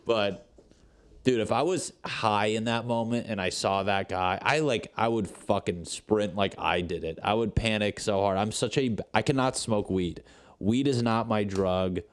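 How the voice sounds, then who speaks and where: A young man with a lowish voice tells a story on his podcast, rambling and swearing freely. He slips into the voices of the people in the story as he goes. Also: a little slow, clear, resonant tone. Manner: profane, rambling, acts out quotes. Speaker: podcast host. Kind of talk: casual storytelling monologue.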